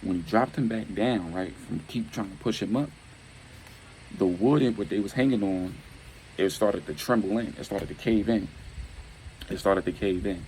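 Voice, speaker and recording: A man's voice: lowish voice, normal speed, a little mellow, a little hiss or hum, rough recording. A man telling a gritty street story casually, full of slang, slipping in and out of quoted dialogue.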